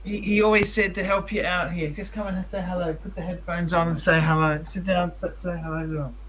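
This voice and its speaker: A man's voice: sits high, flat delivery, a little fast, crowd noise, poor audio. A man chatting eagerly and repetitively with friends on a call. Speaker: channel host. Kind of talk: casual call-in chat.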